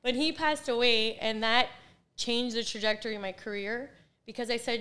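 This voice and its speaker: A woman's voice: a little high, fairly even intonation, normal speed, bright, forceful tone, clean tone. A woman in her forties, a real estate coach, chatting as an interview guest and laughing often while she tells stories. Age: 40s. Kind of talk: casual interview chat.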